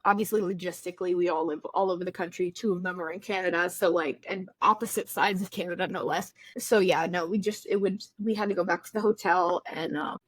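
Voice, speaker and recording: A woman's voice: lowish voice, fairly even intonation, a little fast, few pauses, no room sound. A woman guest in a casual interview, chatty and storytelling, with lots of "like". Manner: chatty storytelling, heavy use of "like". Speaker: baking competition contestant, guest.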